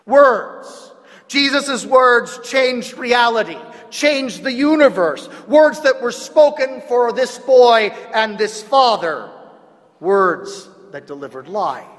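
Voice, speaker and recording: Preaching a sermon as pastor, a man with a Southern US accent and a high-sitting voice swings between loud, emphatic declarations and hushed, near-whispered lines. The sound is that of a big room.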